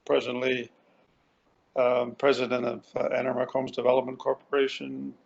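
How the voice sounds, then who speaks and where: Man from buffalo, gravelly voice, flat monotone, dry, muffled video call. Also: mid-range voice, moderate pace. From Buffalo, New York. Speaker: consulting company president. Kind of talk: casual self-introduction.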